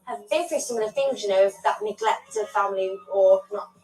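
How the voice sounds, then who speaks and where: A young woman chatting to camera in a gushing, excitable way, her words running on fast. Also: medium pitch, faint music behind. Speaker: documentary subject. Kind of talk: casual chat to camera. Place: on the go, then a theatre. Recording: echoey, from far off the mic.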